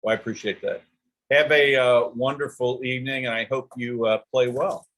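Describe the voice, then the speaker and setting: Host: American man, mid-pitched, easygoing interviewer. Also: steady tone, moderate pace, fairly bright tone, low-quality recording. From United States. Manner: brief, affirming interjections. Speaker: podcast host. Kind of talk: casual interview chat.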